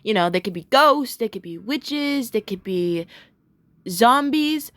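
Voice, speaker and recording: A young woman rambles through a cartoon episode recap. She giggles often and gushes in bursts. Her voice sits a little high and sounds dry and close. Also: lively intonation, a little slow, no room sound. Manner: rambling, giggly, lots of fillers, gushing bursts. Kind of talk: casual recap vlog.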